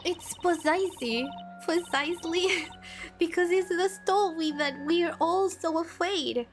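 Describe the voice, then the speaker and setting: A woman's voice: very high-pitched, a little slow, soft background music, voice pushed up. A woman voicing a scornful, superstitious villager, reading game dialogue in an emphatic, scolding way. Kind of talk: game dialogue read aloud.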